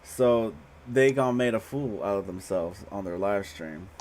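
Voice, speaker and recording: A man's voice: on the low side, measured pace, darkish tone, slight background noise. A man giving a casual tarot reading on a livestream, blunt and profane, laughing often. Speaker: tarot reader.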